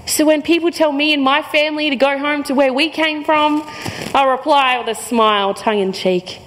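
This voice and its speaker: A young woman with an Australian accent performs spoken word poetry in a high, bright register. Her delivery is rhythmic and punchy, and she leans on the rhymes and jokes with the crowd between lines. The sound carries a long hall reverb. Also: normal speed, a little hiss or hum. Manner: playful banter with the crowd. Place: hall before a live audience.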